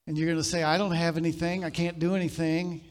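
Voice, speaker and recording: A male pastor preaches a sermon, speaking straight to his congregation. His voice is a touch higher than most men's. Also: level tone, fast. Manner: preaching, direct address to the congregation.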